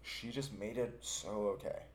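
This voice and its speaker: Man, podcast co-host, casual rambling chat, lots of "like" and restarts, mid-pitched, roomy echo. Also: moderate pace. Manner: chatty, rambling, many fillers and restarts.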